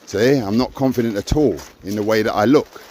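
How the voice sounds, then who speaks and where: A man's voice: on the low side, fairly quick, darkish tone, slight background noise. An older man talking earnestly in a raw personal conversation, stressing points with "you see". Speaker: podcast co-host.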